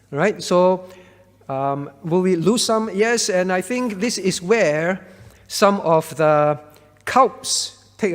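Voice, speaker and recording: High-voiced pastor teaching in a reverberant hall. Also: male voice. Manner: explanatory, checks in with listeners. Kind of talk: Bible Q&A teaching.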